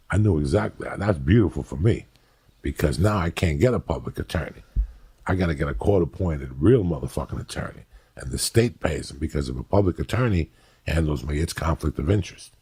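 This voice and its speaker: A middle-aged man hosting a podcast, telling a story in a profane, animated way. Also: very deep voice, breathy edge. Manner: profane, animated storyteller acting out other people's voices. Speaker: podcast host. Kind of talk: storytelling in casual chat.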